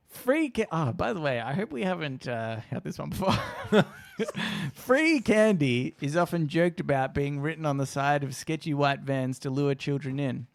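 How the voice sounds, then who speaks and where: A man's voice: a little high, normal speed, vocal fry, no echo. Australian man, podcast co-host, teasing banter, dry close sound, frequent laughs. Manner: playful, teasing, laughs often. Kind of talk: casual chat.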